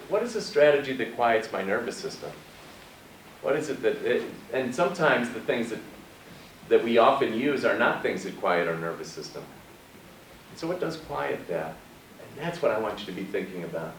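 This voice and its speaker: A man giving a conversational presentation to high school students, asking them questions. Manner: conversational, asks the audience questions. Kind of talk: presentation talk. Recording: echoey room, far from mic, faint noise.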